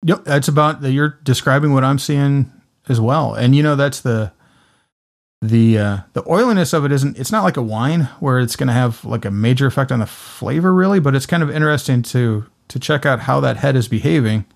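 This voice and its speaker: A man's voice: medium pitch, a little fast, creaky. A man casually reviewing a beer, musing aloud and often restarting his sentences. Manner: relaxed, musing, stumbles over words. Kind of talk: casual tasting chat.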